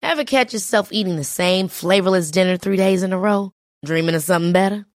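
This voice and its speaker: Ad read: woman, mid pitch, playful and sassy; dry and close. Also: a little fast, no echo. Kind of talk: scripted radio ad.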